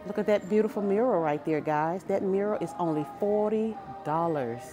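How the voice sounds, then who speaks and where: A woman's voice: mid-range voice, moderate pace, music in the background. A woman vlogging as she walks through a furniture store, gushing over each piece in a casual, enthusiastic way. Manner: gushing, enthusiastic, exclaims often. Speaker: shopping vlogger. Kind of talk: casual store walkthrough vlog. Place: large furniture store, indoors.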